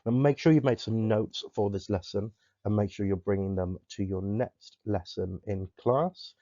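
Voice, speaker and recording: A male drama teacher from Somerset, clearly explaining stage terms and vocal skills in a recorded lesson. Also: fairly low pitch, normal speed, mellow, dry recording. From Somerset, England. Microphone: close desk microphone. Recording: dull, lo-fi dry recording.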